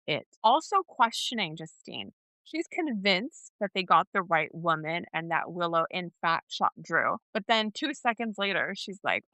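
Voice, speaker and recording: A woman's voice: on the low side, very animated, measured pace, bright, forceful tone, no echo. A woman co-hosting a podcast in casual chat, talking animatedly and acting out quotes in other voices. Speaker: podcast co-host. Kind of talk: casual chat recapping a soap opera.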